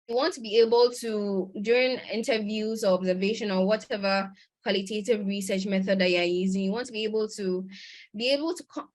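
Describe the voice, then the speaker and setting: A woman giving a conference lecture over a video call. She explains step by step, pausing often and correcting herself mid-sentence. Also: medium pitch. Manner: explanatory, with many pauses and self-corrections. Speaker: conference presenter. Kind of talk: lecture on research methods.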